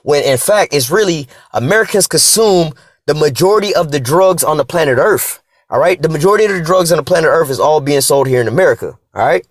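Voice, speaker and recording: Man, preachy casual rant, rapid delivery, slightly high voice, dry close sound. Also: expressive, no room sound. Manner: profane and repetitive, tags lines with "man"; preachy, scripture-quoting. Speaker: vlogger reading articles aloud.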